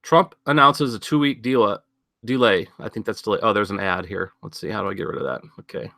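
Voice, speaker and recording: A man's voice: on the low side, a little fast, creaky, sharp tone, dry recording, clean studio sound. A man hosting a casual news commentary show, rambling and sardonic, thinking aloud with many fillers and asides. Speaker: podcast host.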